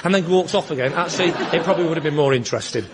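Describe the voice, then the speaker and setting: A man's voice: on the high side, very fast, very noisy. A man telling a rambling, self-deprecating comic story as a guest on a studio panel show. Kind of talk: comic anecdote. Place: studio with live audience.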